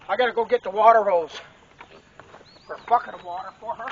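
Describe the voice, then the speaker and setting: A man's voice: sits high, fairly quick, long pauses. A man filming himself on his homestead, talking to the camera while he works and calls to his pig. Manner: talks to camera while working, coaxing and calling out to his pig. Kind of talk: handheld outdoor vlog narration. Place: outdoors in brush on a farm. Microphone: camera mic, handheld and then set on a tree. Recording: dull lo-fi outdoor camera audio with clear background noise.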